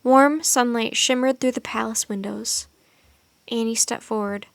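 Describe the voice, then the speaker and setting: A woman's slightly high, gravelly voice reads a storybook aloud a little slowly, steady and expressive throughout. The recording is close and dry, with no echo and no room sound.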